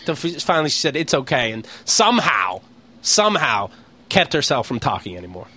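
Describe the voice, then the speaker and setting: A man chatting casually and telling stories with a lot of energy, acting out the people in them and swearing freely. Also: brisk. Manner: animated, acts out voices with big pitch swings, swears freely. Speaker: co-host. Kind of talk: casual chat, storytelling.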